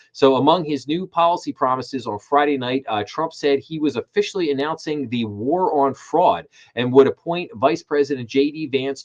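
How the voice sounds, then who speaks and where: A man's voice: medium pitch, dull audio. Emphatic man hosting a finance stream. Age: middle-aged. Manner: emphatic, repeats words when fired up. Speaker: host. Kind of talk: live-stream financial commentary.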